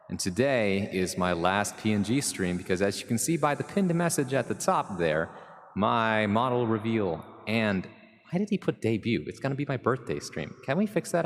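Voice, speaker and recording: Rambling American man streaming, low voice. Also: long reverb tail, slight background noise. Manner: rambling, jokey, talks straight to viewers. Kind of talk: casual chat with live chat.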